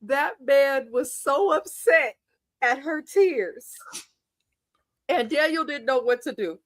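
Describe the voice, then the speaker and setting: A woman's voice: high-pitched, expressive, slow pace, no room sound. A woman in her thirties from Kenya, hosting a live TV recap with blunt, profane, laughing storytelling. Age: 30s. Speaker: show recap host.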